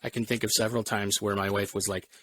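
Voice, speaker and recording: A man's voice: on the low side, little pitch movement, fast, sharp tone. A man hosting a podcast interview, talking in a conversational way and telling stories from his own work and marriage. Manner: conversational, tells personal anecdotes. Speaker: podcast host.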